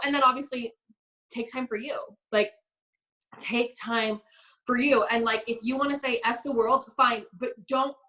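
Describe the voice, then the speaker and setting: A young woman coaching a live online group, telling stories in an animated way and acting out the people she quotes. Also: fairly high pitch, low-quality recording. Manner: fast, bubbly, animated storytelling with quoted voices. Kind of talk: live business coaching session.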